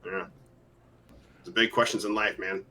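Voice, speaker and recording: This man banters in a tabletop game in an excitable, rambling way with lots of swearing. His voice is low and bright, with a sharp edge. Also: moderate pace. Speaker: player.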